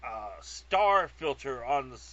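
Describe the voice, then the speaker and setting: A man's voice: mid-range voice, expressive, slow, sharp tone. Rambling, profane man from California. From California, USA. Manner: digressive, profane, self-mocking. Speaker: storyteller. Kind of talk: rambling comic monologue. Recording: lo-fi dull sound.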